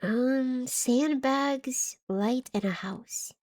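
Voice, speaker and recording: A woman's voice: high voice, extremely slow, a little mellow. A woman streaming a game live, chatting casually and reading chat aloud, scattered and giggly as she loses her train of thought.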